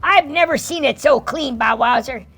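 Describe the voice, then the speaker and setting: A woman's voice: high-pitched, moderate pace, gravelly, fairly bright tone, faint music behind, full character voice. A woman voicing a squealing banana-loving puppet monkey. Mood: excited. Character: excitable banana-loving monkey, grown-up, generous. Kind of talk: kids' puppet show.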